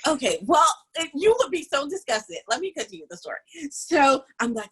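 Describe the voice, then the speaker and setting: A woman co-hosting a casual chat over a video call, telling a story with lively voiced quotes. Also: high-pitched, normal speed, husky, low-quality recording. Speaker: co-host.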